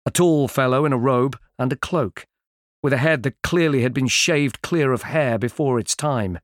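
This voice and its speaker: Measured male audiobook narrator, dry studio. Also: mid-range voice, no echo. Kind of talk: scripted fantasy narration. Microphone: close studio mic.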